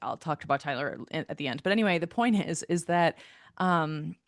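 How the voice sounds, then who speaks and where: Animated lower-pitched woman telling a story. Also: fairly quick, dry recording, clean studio sound. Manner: animated storytelling, filler-heavy, swears. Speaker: podcast co-host. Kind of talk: casual chat.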